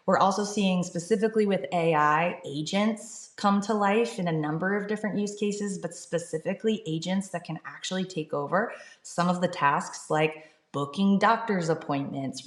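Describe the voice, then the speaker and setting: Middle-aged woman founder, upbeat and earnest, lowish voice, roomy echo. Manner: earnest, upbeat, fluent with fillers. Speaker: startup founder, guest. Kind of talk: conversational interview. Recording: echoey room.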